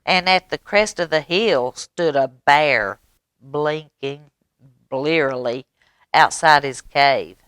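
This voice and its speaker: A woman reading a story aloud to children at storytime, with gentle animated asides. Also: low-pitched, slow pace, smooth, no room sound.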